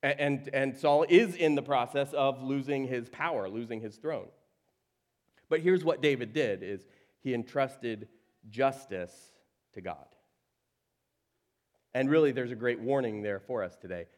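A man preaching a sermon, telling a story with lively asides, quoted voices and laughs. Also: medium pitch, a little slow, long pauses. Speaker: pastor.

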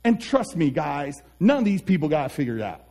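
A man speaking as a life coach in an earnest, animated motivational talk, acting out the people he quotes. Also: fairly high pitch, brisk, gravelly.

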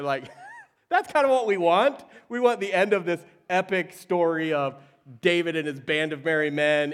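A man preaching a sermon, telling a story with lively asides, quoted voices and laughs. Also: a little high. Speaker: pastor.

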